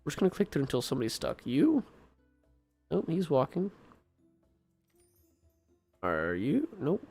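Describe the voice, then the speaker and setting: A man's voice: on the high side, huge pitch swings, measured pace, vocal fry, a little mellow, slightly rough, soft background music. A man giving casual gameplay commentary, exasperated and swearing, asking the same questions again and again. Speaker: gaming streamer.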